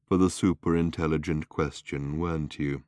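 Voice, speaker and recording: A man voicing an ancient, rusty, self-pitying male robot who groans slowly with a hollow rattle. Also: rumbling low, steady tone, a little mellow, dry recording. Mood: mournful. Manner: slow, groaning, mournful.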